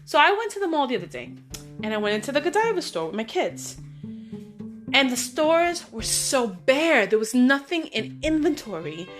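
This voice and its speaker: A woman's voice: high-pitched, very animated, normal speed, music in the background. A middle-aged woman hosting her own vlog, telling a personal story in a chatty, upbeat way and drawing a positive lesson from it. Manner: chatty, upbeat, acts out dialogue in her stories. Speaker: vlog host. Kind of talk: casual motivational storytelling.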